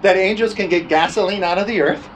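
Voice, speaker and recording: Laughing, folksy preacher man, slightly high voice. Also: quick pace, a little hiss or hum. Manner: folksy, laughing often, punctuating with "amen?". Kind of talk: storytelling sermon.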